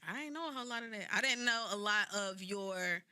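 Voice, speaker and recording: A woman's voice: medium pitch, expressive, a little fast, pushed and bright, smooth, dry recording. A woman in her thirties with a Kentucky twang, co-hosting a podcast in a chatty, filler-heavy way. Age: 30s. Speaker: podcast co-host. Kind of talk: casual chat.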